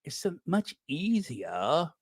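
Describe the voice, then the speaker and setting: A man's voice: fairly high pitch, big pitch swings, slow pace, slightly rough, no room sound, clean studio sound, heavily acted. A man putting on a posh, creepy, sinister voice to mock a smug male commentator. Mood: sneering. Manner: smug, sneering.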